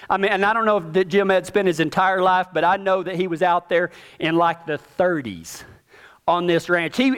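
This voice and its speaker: A man's voice: sits high, smooth. A man, telling a ranch story in a folksy, plainspoken way. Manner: folksy, plainspoken, with repetitions and rural phrasing. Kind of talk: casual spoken storytelling.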